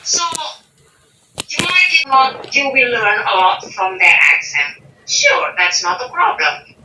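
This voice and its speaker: An Indonesian woman who is not a native English speaker talks as a guest in a casual interview, hesitant with many restarts and fillers, then firm and emphatic when making a point. Her voice is a little high, sing-song and a little slow. The recording is distant, dull and echoey with faint noise.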